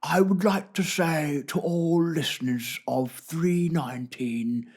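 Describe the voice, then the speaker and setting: A man doing a comic impression of a soft, reverent older nature documentary narrator. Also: on the high side, takes it slowly. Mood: hushed.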